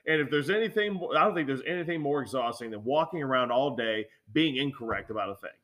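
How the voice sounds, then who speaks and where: Animated swearing man telling a story. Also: on the high side, fast, few pauses. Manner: animated, swears a lot, acts out coworkers' lines. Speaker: podcast co-host telling a work story. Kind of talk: casual profane storytelling.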